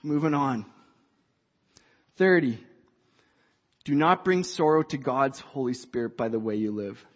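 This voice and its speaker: A woman preaching a sermon to a church, passionate and rising to shouts. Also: very deep voice, unhurried, long pauses. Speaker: church speaker. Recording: dull sound in a reverberant hall.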